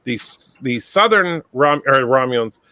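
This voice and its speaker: A man's voice: mid-range voice, expressive, measured pace, pushed and bright, dry recording. A man hosting a casual online chat, bantering with wry, opinionated remarks. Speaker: podcast host.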